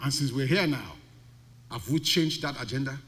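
A man's voice: medium pitch, normal speed, fairly bright tone. A male pastor preaching a sermon, emphatic and full of rhetorical questions. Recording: long reverb of a large hall.

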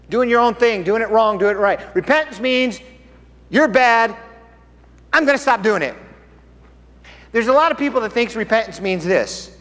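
A man preaching a sermon, emphatic and animated, asking the congregation questions as he teaches. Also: sits high. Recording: hall reverb.

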